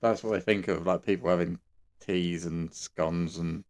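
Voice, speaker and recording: An Englishman with a lowish voice co-hosts a podcast. He chats in an easygoing, agreeable way and often laughs along with his friend. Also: steady tone, measured pace. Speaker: podcast co-host. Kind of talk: casual chat.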